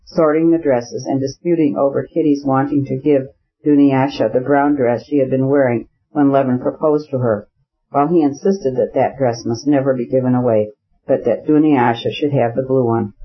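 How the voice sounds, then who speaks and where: A man reading a classic novel aloud as an audiobook narrator, measured and even. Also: medium pitch, husky. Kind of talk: scripted narration. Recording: slightly muffled audio.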